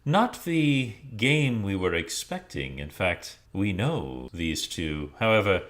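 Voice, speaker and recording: A man voicing a cold, scheming female drow leader who speaks slowly and quietly. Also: sits low, sing-song, exaggerated voice.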